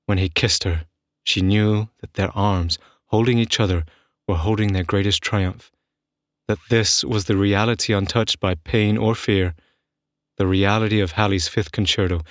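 Low-voiced man reading a story. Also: fairly even intonation, normal speed, no echo, clean studio sound. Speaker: narrator. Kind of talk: reading fiction aloud.

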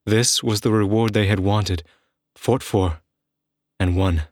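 A man narrating fiction aloud in an earnest, measured way. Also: on the low side, fairly even intonation, darkish tone, dry recording, studio quality.

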